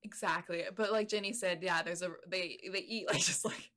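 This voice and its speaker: A woman's voice: on the low side, steady tone, moderate pace, bright, forceful tone. A woman in her late twenties, co-hosting a podcast in casual, enthusiastic chat with many fillers. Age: late 20s. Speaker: podcast co-host.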